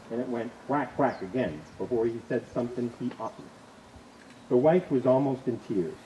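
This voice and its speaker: A male wedding officiant speaking outdoors, his voice moving lively up and down as he tells a story with light jokes. Insects buzz and birds call clearly in the background. His pitch sits at an ordinary middle. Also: moderate pace, slight background noise, poor audio. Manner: relaxed, storytelling, lightly joking. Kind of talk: wedding ceremony address.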